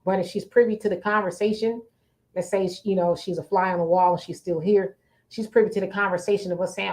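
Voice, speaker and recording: A middle-aged woman co-hosting a casual talk show, telling a story in an animated, dramatic way. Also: medium pitch, fast. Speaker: co-host.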